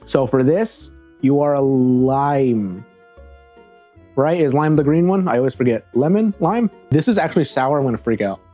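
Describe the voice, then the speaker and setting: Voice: mid-range voice, lively intonation, moderate pace, dark tone, faint music behind. A vlogger giving playful, rambling taste-test commentary, talking dramatically to the things being tasted and often stumbling and restarting. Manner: chatty, dramatic, talks to the crayons. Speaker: vlogger tasting crayons. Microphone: new desk microphones.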